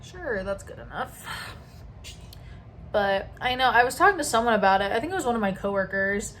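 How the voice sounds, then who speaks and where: A woman's voice: mid-range voice, expressive, fairly quick, fairly bright tone, a little hiss or hum. A young woman vlogging at home at night, chatting casually and rambling through asides while she does her makeup close to the camera. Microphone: camera very close to her face.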